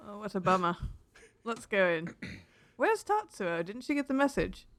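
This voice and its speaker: A player in a tabletop game speaks in character in a casual tone. The delivery is breezy and joking, with quick asides to the table. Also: medium pitch, very animated, fairly bright tone, no echo.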